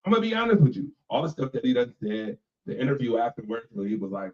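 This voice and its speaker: A man's voice: medium pitch, expressive, fast, few pauses, a little mellow. A man hosting a radio show, ranting casually and emphatically about football, repeating lines for effect. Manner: laughs between remarks. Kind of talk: casual sports rant. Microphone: personal microphone. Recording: echoey, distant, dull mic sound.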